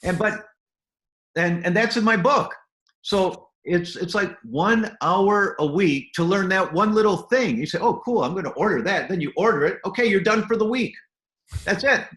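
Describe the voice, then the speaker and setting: A man's voice: high-pitched, moderate pace, fairly bright tone, reverberant. A man speaking as a guest doctor, enthusiastic and explaining health habits step by step, now and then acting out little scenes. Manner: enthusiastic, acts out little scenes in quoted voices. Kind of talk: animated health advice interview.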